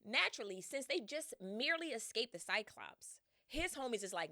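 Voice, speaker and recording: Bright, lively woman storytelling podcast host. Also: on the high side, normal speed, hardly any pauses, dry recording, studio quality. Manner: slangy, laughing, acts out voices in quotes. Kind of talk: animated casual storytelling.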